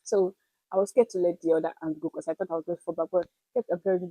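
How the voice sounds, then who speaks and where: A young woman, casually telling a personal story to her vlog audience in an animated, expressive way. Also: on the low side, rapid-fire, no echo, low-quality recording. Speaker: vlogger.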